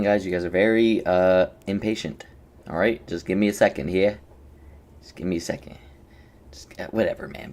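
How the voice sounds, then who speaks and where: A young man streaming and coaching a game, chatting casually with his viewers, rambling and joking as he greets them by name. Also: mid-range voice. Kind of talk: casual livestream chat.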